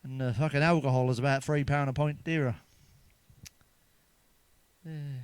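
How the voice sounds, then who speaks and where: A man's voice: medium pitch, fairly even intonation, moderate pace, darkish tone, smooth, dry recording. A middle-aged man telling crude stand-up jokes, swearing often and laughing at his own punchlines. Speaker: stand-up comedian. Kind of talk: stand-up jokes told to camera.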